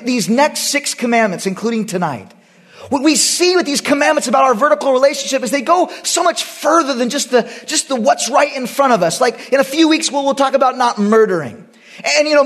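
Animated high-voiced male pastor preaching. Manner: animated preaching, swings between loud bursts and hushed asides. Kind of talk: sermon.

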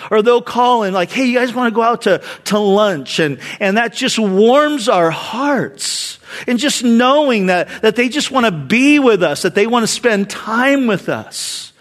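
A man's voice: extremely high pitch, expressive, measured pace, few pauses, a bit bright. A middle-aged man preaching a sermon to his church in an earnest, conversational way, often repeating words as he goes. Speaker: pastor.

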